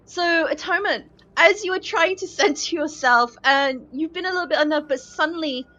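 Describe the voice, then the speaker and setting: A woman's voice: high-pitched, normal speed, bright, forceful tone. A woman running a tabletop game as dungeon master, narrating loosely with fillers and laughs. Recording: dull lo-fi podcast audio.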